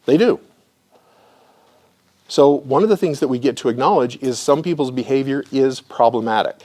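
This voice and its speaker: Speaking to an audience in a room, a middle-aged man gives a live, conversational lecture woven with personal stories, often clearing his throat. His voice is medium in pitch, a little mellow, and he talks at a normal speed.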